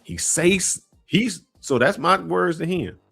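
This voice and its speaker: Animated slangy man telling a story. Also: high voice, slow pace, vocal fry, husky, faint music behind. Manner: animated, slangy storyteller who acts out voices and laughs often. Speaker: podcast co-host telling a travel story. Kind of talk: casual storytelling chat.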